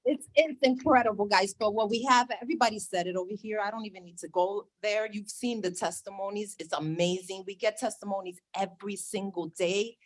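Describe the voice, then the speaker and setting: A woman with a mid-range voice addresses a crowd with excitement, repeating words as she rallies them. Her delivery is bright and eager. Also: medium pitch, brisk, few pauses. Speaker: speaker at a business launch event. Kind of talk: excited stage speech.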